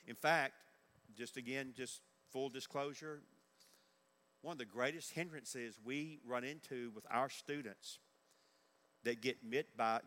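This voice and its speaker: A man's voice: mid-range voice, pushed and bright. An older man preaching a sermon in earnest, repeating his key questions for emphasis. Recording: echoey large hall.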